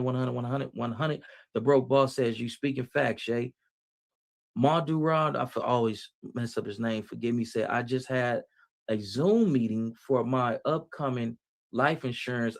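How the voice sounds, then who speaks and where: Gravelly preachy man talking to his chat. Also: medium pitch. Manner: preachy, street slang, repeats phrases. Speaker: livestreamer reading chat. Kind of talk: casual motivational talk.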